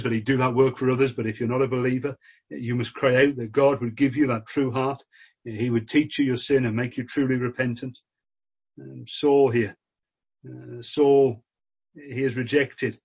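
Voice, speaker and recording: A man preaching a sermon in an earnest, measured way, with frequent fillers. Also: mid-range voice, a little mellow, husky. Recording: dull lo-fi recording.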